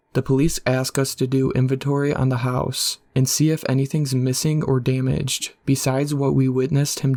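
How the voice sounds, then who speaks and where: A man narrates a scary story in a steady, level voice that rarely rises or falls. His tone is dark and mellow, and the reading is scripted and unhurried in feel. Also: mid-range voice.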